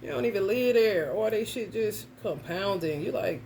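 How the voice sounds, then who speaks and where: A woman reads tarot in a loose vlog, talking bluntly and swearing freely straight to her viewers. Her voice carries a gravelly edge at a middle pitch. A faint hiss sits under it. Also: expressive, measured pace, hardly any pauses, darkish tone. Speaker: tarot reader. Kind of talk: casual tarot reading vlog.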